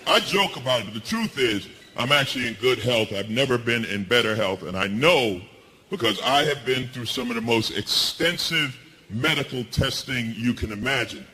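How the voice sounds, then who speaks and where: Animated middle-aged male stand-up comedian. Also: moderate pace, a little hiss or hum. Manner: animated storytelling, jumps high for punchlines. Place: comedy stage before a laughing audience. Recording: live show with audience laughter.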